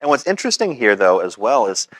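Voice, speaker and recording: A man preaching a sermon as pastor, in a relaxed, conversational way with frequent pauses. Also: medium pitch, no echo, rough recording.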